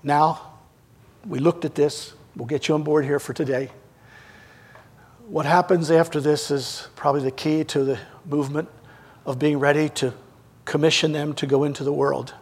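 Male preacher, high husky voice, storytelling sermon with loud and quiet swings. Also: fairly even intonation, moderate pace, long pauses. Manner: storytelling, acting out scripture scenes with big swings in loudness.

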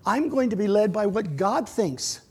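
A middle-aged male pastor preaching an earnest sermon in a church. His voice sits high and has a husky edge. He swings from loud, raised lines to hushed, almost whispered ones. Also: lively intonation, moderate pace.

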